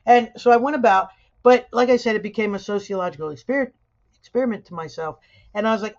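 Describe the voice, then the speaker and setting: A woman's voice: mid-range voice, quick pace. Middle-aged woman lecturing, dull lo-fi sound. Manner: conversational, tells stories with lively asides. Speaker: sociology instructor. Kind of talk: video lecture with personal storytelling.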